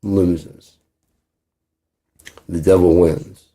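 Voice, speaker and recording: A man's voice: deep voice, flat delivery, very slow, dark tone, slightly rough. A man rambling in a casual monologue, profane, acting out both sides of imagined conversations. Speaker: channel host.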